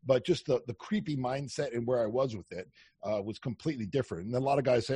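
A man chatting casually as a podcast guest, telling animated stories, acting out quoted lines and swearing freely. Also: medium pitch, quick pace, breathy edge, no echo. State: on day four of a fast. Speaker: podcast guest, dating coach. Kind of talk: casual chat.

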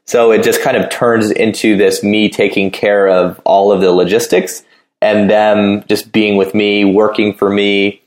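A man's voice: fairly low pitch, little pitch movement, unhurried, echoey room. A man in casual chat, talking in a loose, rambling way full of fillers.

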